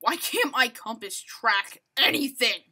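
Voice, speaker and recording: Excitable bright-voiced woman gamer. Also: a little high, unhurried, husky. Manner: excitable, rambling, self-mocking. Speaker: gaming channel host. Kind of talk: live gameplay commentary.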